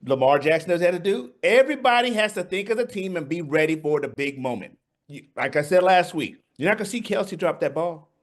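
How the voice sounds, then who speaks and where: A man's voice: on the high side, expressive, fairly quick. A man co-hosting a sports talk show, talking football in playful, slangy banter and laughing often. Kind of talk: casual sports debate.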